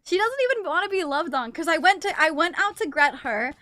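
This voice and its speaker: A woman's voice: extremely high pitch, animated, brisk, bright, forceful tone, dry recording. A woman streamer chatting casually with her viewers and cooing baby talk to her cats. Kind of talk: casual live-stream chat.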